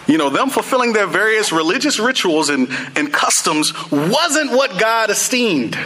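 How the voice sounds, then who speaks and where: A man's voice: sits high, lively intonation, a little slow, hardly any pauses, pushed and bright, slight background noise, low-quality recording. A young man preaching a sermon in a casual, conversational way, full of "you know" and "like".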